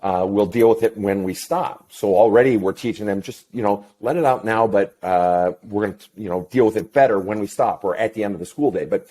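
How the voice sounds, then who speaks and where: A middle-aged man, a counselor talking as an interview guest, telling a story in a blunt, profane and animated way. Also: lowish voice, a little fast, few pauses. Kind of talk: casual interview chat.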